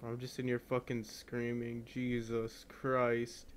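A young man streaming a video game, shouting and yelping excitably at enemies with lots of swearing. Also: mid-range voice, slow, slight background noise. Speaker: gaming streamer. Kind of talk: live game-stream commentary.

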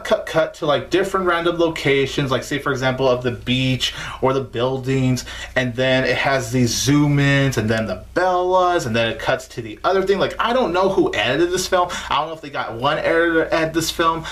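A man's voice: medium pitch, fairly bright tone. A man giving a casual spoken movie review in an emphatic, informal way, often repeating himself for stress. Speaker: film reviewer.

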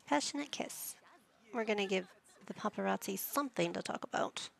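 A woman's voice: mid-range voice, animated, moderate pace, gravelly. A woman gaming YouTuber giving chatty let's play commentary, narrating each move she picks. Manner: chatty, narrating her own game moves.

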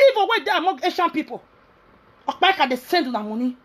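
A woman's voice: high voice, very animated, quick pace, rough recording. A woman ranting angrily at her followers, scolding and mixing pidgin with local language. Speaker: social media commentator. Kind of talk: angry rant to followers.

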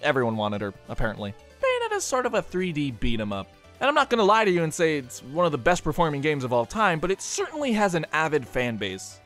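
A man's voice: fairly high pitch, fairly bright tone. A man giving scripted video essay narration, slipping in dry, joking asides.

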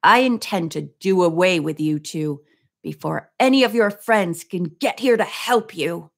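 A woman reading aloud and voicing a cold, sarcastic adult male villain who speaks in a sharp, mocking, commanding way. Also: mid-range voice, normal speed, lightly acted.

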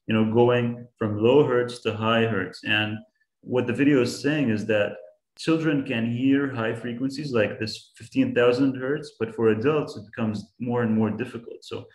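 A man's voice: medium pitch, fairly even intonation, moderate pace, echoey room. A man giving an online science class to young students, patient and encouraging, asking them questions as he explains. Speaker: science guest speaker teaching kids.

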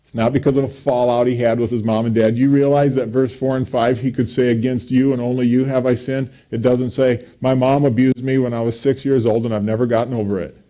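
Mellow-voiced man preaching emphatically. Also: little pitch movement, fairly quick, hardly any pauses. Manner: emphatic preaching, pitch rising on quoted scripture. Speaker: pastor. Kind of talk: sermon.

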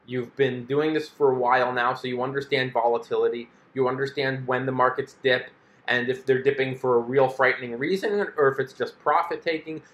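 A man with a mid-range, slightly bright voice hosts a personal finance video in a room with noticeable echo. He explains things in a relaxed, chatty monologue, voicing an investor's inner thoughts in quotes.

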